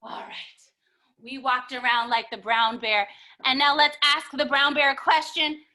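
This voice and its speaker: A young woman leads children through a story-time yoga class. Her voice is very high, bright and clear. She talks slowly in a sing-song, encouraging way, recorded on a computer microphone. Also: steady tone. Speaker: kids' yoga teacher. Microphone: computer mic.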